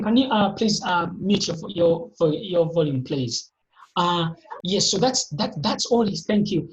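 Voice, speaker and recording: A motivational speaker's emphatic, repetitive talk comes through a video call during a live online session, marked by abrupt upward jumps in pitch. The recording is low quality, with slight background noise.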